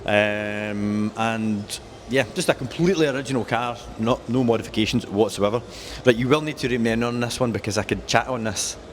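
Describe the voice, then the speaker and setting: A man's voice: medium pitch, normal speed. Male car dealer, mid-range voice, jokey and keen, faint room noise behind. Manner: enthusiastic, jokey, rattles off specs. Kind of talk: casual walkaround chat.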